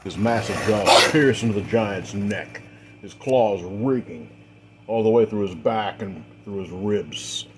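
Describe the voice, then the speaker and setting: A man narrating a dark fantasy tale, leaning into the action beats and often tying events together with repeated linking phrases. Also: fairly low pitch, unhurried, slight background noise. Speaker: storyteller. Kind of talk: dramatic fiction narration.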